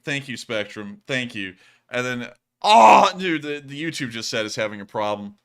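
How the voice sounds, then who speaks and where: Animated young man, bright clear voice. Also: mid-range voice, moderate pace. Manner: animated, laughs often, swings loud and quiet. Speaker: livestream host reading donations. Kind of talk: casual livestream chat.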